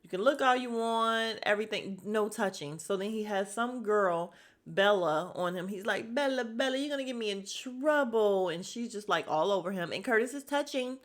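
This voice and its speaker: Female podcast host, casual gossip recap, quick animated delivery, mid-pitched voice. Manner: animated, gossipy, acts out quotes.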